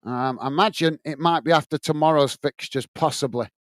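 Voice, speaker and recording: A British man hosts a live football watch-along, commentating on the play and chatting to viewers, whom he often calls mate, with plenty of fillers. His voice is fairly high and fairly quick, and the recording is dry. He mixes live match commentary with reading the chat.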